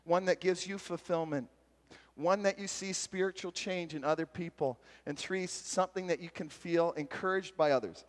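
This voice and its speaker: A man giving a retreat sermon, telling a story and acting out its voices with lively energy. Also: high-pitched, normal speed. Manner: animated, acts out voices in stories. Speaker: retreat speaker. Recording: long hall reverb.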